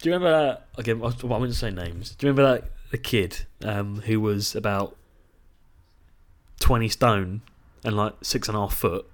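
A man's voice: fairly low pitch, moderate pace. A young man, co-hosting a casual podcast and telling school stories with swearing. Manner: storytelling, animated, swears. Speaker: podcast co-host. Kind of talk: casual chat.

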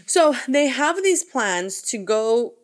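A woman's voice: fairly high pitch, sing-song, slow pace. A woman co-hosting a casual podcast, recapping a horror movie in a rambling way, with restarts and easy laughter. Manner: rambling, self-correcting, laughs easily. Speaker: podcast co-host.

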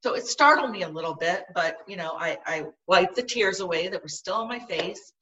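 Woman, middle-aged, earnest halting storyteller, bright tense tone, a bit off-mic. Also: on the low side, lively intonation, recorded from a distance, rough recording. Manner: earnest, halting, with frequent restarts. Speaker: guest. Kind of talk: personal storytelling in conversation.

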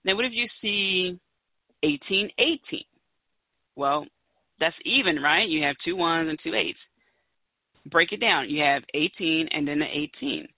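A woman's voice: sits low, animated, unhurried, pauses often, no echo. Chatty woman on a tinny, phone-like line. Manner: chatty and emphatic, pleading for emphasis. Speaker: podcast host. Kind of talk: solo podcast talk. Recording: tinny phone-like dry audio.

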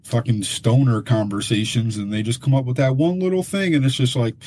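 A man's voice: mid-range voice, steady tone, brisk, warm tone. A man co-hosting a podcast in casual chat, opinionated and swearing when he gets frustrated. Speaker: podcast co-host.

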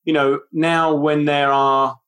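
A man with a London accent, chatting casually as a guest, animated and rambling. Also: a little high, takes it slowly. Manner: animated, rambling, does impressions. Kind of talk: casual interview chat.

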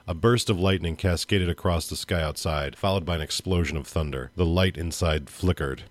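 Brief: male podcast host, low voice, steady and expressive dramatic reading. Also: normal speed, hardly any pauses, dry recording.

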